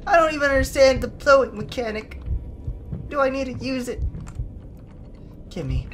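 A woman's voice: sits high, animated, moderate pace, a little hiss or hum. A woman playing a horror game and commenting on it, frustrated and swearing, often muttering to herself. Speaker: gaming video creator.

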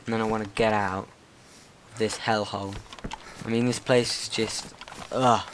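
A man's voice: on the low side, a little hiss or hum. A young man hosting a gaming channel, giving casual, nervous, rambling commentary and talking to the zombies in his game.

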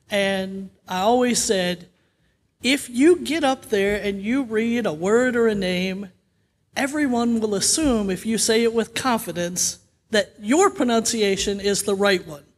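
A man preaching a sermon in a church, talking in a relaxed, conversational way with light humor. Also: high voice. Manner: conversational storytelling with gentle humor. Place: church sanctuary. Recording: long reverb of a church sanctuary.

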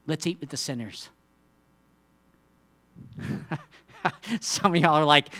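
Slow and pausing often, a man gives a sermon as pastor in a conversational style. His delivery swings from quiet, low-voiced asides to loud emphasis, with rhetorical questions and teasing remarks.

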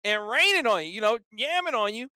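A man co-hosting a sports podcast, chatting casually and telling stories with animated emphasis. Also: very high-pitched, brisk, dry recording, clean studio sound. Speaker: podcast co-host.

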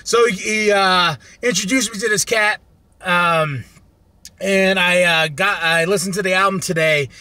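A man reviewing an album in a casual, profane vlog, excitable and prone to loud rants. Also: sits high, measured pace, clean tone, no room sound. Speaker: music review vlogger.

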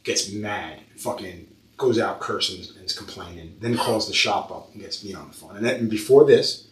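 A man who owns a tattoo shop, hosting a casual podcast chat and telling lively stories full of swearing. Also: on the low side, moderate pace, a little hiss or hum. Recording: roomy sound, far from mic.

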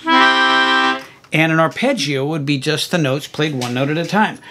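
A man teaching music, walking through a software tutorial in a friendly, explanatory way with plenty of okays and ums. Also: on the high side, expressive, unhurried. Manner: friendly, explanatory, fillers like okay and um. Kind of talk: screen-recorded software tutorial.

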